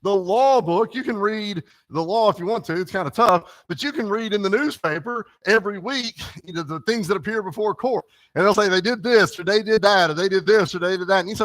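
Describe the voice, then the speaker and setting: A man's voice: high voice, a little fast, few pauses. A middle-aged man, teaching a church Bible class in a folksy, conversational way that often checks in with his listeners. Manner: folksy, animated, chats with listeners and asks "right?".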